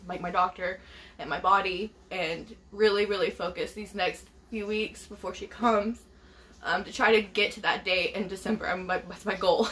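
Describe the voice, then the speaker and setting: A woman's voice: medium pitch, fairly bright tone, slight background noise. Young woman, beauty vlogger, casual chat to followers, emotional, rambling, laughs often.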